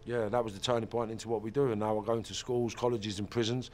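A man's voice: lowish voice, flat delivery, fast, darkish tone, slight background noise. A middle-aged man, telling an interviewer about his past in an intense, blunt and profane way with emphatic repeats. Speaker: ex-offender turned mentor and motivational speaker.

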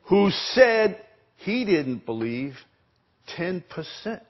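A man preaching a sermon as pastor, emphatic, repeating words and asking the congregation questions, with a husky voice. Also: high voice, big pitch swings, takes it slowly, dull audio. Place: church sanctuary.

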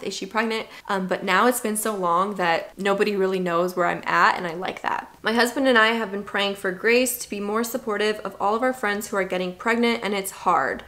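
A young adult woman talking candidly in a casual vlog, chatty and animated, acting out the things people say to her. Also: mid-range voice. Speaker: vlogger.

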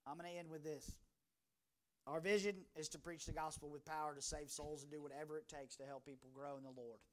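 A pastor preaching a fervent sermon from a church pulpit, swinging from shouting to hushed talk. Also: male voice, on the high side, steady tone, fairly quick.

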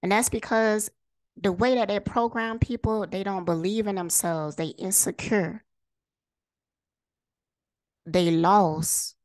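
A woman's voice: mid-range voice, fairly even intonation, slow, pauses often, a little mellow, no room sound. A woman vlogger delivering a heated, profane monologue straight to camera, firing rhetorical questions and repeating lines for emphasis. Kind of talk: impassioned direct-to-camera monologue.

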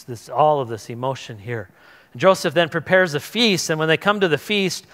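A man's voice: on the high side, a bit bright. Man preaching a sermon in a reverberant hall. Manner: retells scripture casually, voicing the characters, with repeated restarts. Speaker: pastor. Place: church hall. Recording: long church hall reverb.

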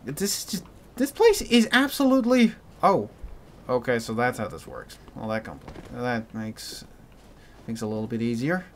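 A man giving a commented game playthrough, with a mix of American and British in his accent, swinging from panicked shouts to dry muttering. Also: mid-range voice, normal speed, a little hiss or hum. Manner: excitable, yelps and shouts in panic, then mutters dryly. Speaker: gaming commentator.

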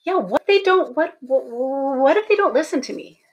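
Brief: reluctant man of God, nervous and halting, slightly raised pitch, played by a woman in a sermon. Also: animated, dull audio. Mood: anxious. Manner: hesitant and stammering. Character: nervous reluctant male prophet, full of excuses.

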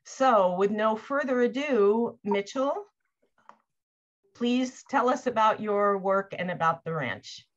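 A woman's voice: medium pitch, takes it slowly. A woman introduces the guest speaker at an online seminar, reading her notes with the odd filler. Her audio comes through a video call and sounds a little dull. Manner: reads the introduction with a few fillers. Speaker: seminar host.

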